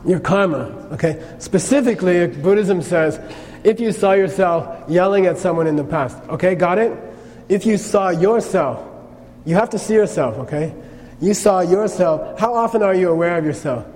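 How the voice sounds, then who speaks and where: High-voiced man teaching in a hall. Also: expressive, moderate pace, darkish tone. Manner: conversational, keeps checking in with "okay?". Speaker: Buddhist teacher. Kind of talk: lecture on karma. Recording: long reverb, faint noise.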